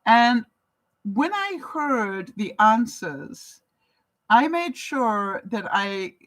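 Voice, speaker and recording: Heard on a low-quality recording, an older woman from Canada speaks very slowly in a sing-song, fairly high and somewhat bright voice. She casually responds to viewer comments in a live chat, laughing often and continually asking her audience questions.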